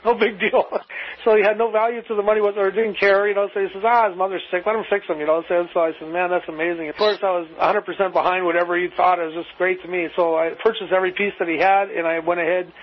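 A man's voice: sits high, fairly even intonation, quick pace. A man spinning a long, rambling anecdote as an interview guest, acting out both sides of the dialogue. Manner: rambling, acts out dialogue with "I says". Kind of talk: anecdotal storytelling. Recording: muffled lo-fi recording.

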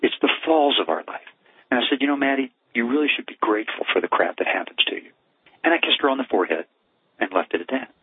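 A man's voice: low-pitched, breathy edge, no echo. A middle-aged man, a cardiologist guest, telling a personal story in an earnest, heartfelt way. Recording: tinny phone line, dry.

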